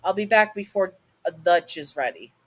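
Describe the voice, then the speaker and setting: A woman's voice: medium pitch, lively intonation, moderate pace, pitched above the performer's own voice, natural voice. A woman voicing a sweet young woman in a fan audio story, earnest and a little hesitant.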